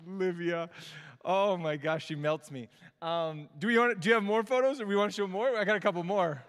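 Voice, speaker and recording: Chatty preacher in a big reverberant church. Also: male voice, high voice, quick pace. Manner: warm, chatty, often restarts mid-sentence; gushing and excitable when reacting. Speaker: guest preacher. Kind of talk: casual conversational sermon. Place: church service with live congregation. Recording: long reverb of a church sanctuary.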